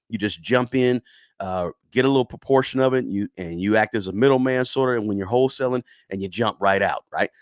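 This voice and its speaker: A man with a fairly low voice talks through a relaxed livestream, chatting to viewers and often tagging his points with a quick "right?". The sound is dry and close, with almost no room tone. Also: no echo. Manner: conversational, tags lines with "right?", many restarts. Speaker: finance channel host. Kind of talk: casual livestream talk reading chat.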